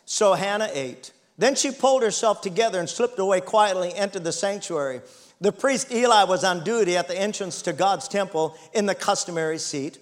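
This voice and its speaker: A man's voice: high voice, normal speed. A man in his sixties preaching a sermon, reading scripture dramatically and calling the congregation to respond. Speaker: pastor.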